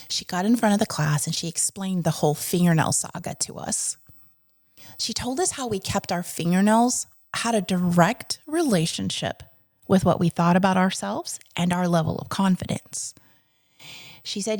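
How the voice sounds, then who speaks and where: Gravelly-voiced woman educator telling stories. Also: medium pitch, expressive, moderate pace, a little mellow, dry recording, clean studio sound. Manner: chatty, earnest, asides to listeners. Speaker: podcast host and educator. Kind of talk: storytelling podcast monologue.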